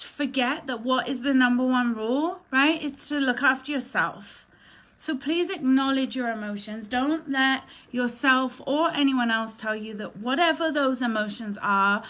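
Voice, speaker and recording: Bright-voiced emotional woman hosting a live stream. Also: high-pitched. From Canada. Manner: emotional, chatty, greets viewers by name, often tearful. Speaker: live show host. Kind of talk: casual live-stream chat.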